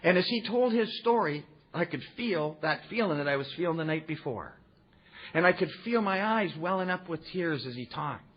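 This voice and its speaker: A man's voice: on the high side, lively intonation, moderate pace. A man sharing his recovery story with a meeting audience, earnest and folksy, throwing in rhetorical "huh?" asides. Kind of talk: personal storytelling talk to an audience. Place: meeting room before an audience. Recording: muffled recording with faint background noise.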